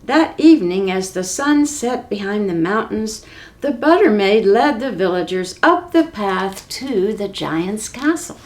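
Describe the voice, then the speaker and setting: A woman telling a children's story for a library reading program, slow and expressive. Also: on the high side. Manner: slow, expressive, clearly paced.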